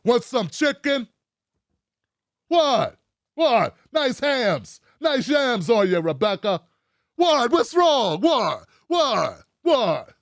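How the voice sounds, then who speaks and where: A man putting on a pushy, dismissive old-school politician who keeps asking what's wrong, a raised, lively voice with big swings, loud and in-your-face, heard close and dry in a small room. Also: extremely high pitch, very slow, dry recording, full character voice. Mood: mock-innocent. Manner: mocking exaggerated impression, repeating questions. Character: brash older male politician, dismissive and defensive.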